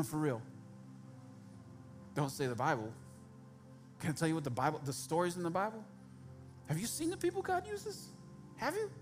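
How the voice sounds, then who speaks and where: Brief: male pastor, higher-pitched voice, casual direct sermon delivery with jokes, soft music underneath. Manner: conversational, direct, humorous asides to the congregation.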